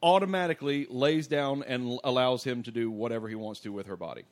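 A man's voice: mid-range voice, fast. A man co-hosting a casual podcast, recapping a bad movie scene by scene and mock-quoting its characters. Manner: animated retelling, mock-quotes characters. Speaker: podcast co-host. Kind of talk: casual movie-review chat.

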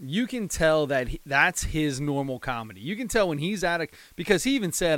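A man co-hosting a casual podcast chat over a call, animated and getting loud when he riffs. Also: on the high side, brisk, few pauses. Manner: animated, gets loud when riffing on a joke. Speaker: podcast co-host.

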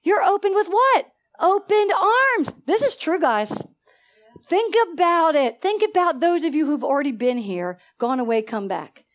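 Woman, high voice, animated preacher, call-and-response, church sermon. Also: a little slow. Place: church sanctuary.

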